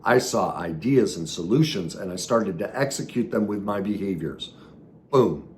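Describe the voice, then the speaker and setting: A man with a very low voice hosts a solo podcast as a recovery coach. He talks in an earnest, coaching way, jumping into emphatic bursts and then dropping quiet. A faint background noise sits under the recording. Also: animated, normal speed. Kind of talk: solo podcast teaching talk.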